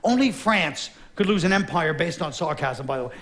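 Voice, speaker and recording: Wry, high-voiced man doing stand-up. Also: expressive, normal speed, fairly bright tone. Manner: wry, sardonic, conversational. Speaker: stand-up comedian. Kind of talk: stand-up comedy routine. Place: stage before a laughing audience.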